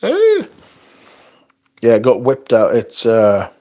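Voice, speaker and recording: Guy on a livestream, swears a ton, lively up-and-down voice, rambling rants. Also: medium pitch, takes it slowly. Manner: sweary, ranting, reading viewer questions. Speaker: livestream host. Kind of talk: casual livestream chat.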